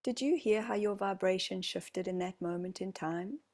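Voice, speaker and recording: A woman with a New Zealand accent leading a channeled group session, speaking slowly and formally as "we". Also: medium pitch. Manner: slow, soft, formal speech speaking as "we".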